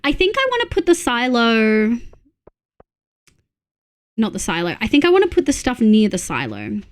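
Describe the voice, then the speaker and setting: A young woman from Australia streaming a farming game, chatting casually, gasping with excitement and counting items aloud. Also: on the high side, moderate pace. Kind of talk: casual gameplay chat.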